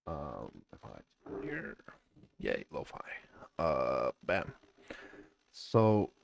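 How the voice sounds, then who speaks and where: A man's voice: rumbling low, big pitch swings, very slow, vocal fry, slight background noise. A man who makes gaming videos, muttering to himself with jokes and lots of fillers as he checks his mic and then reads a casual script.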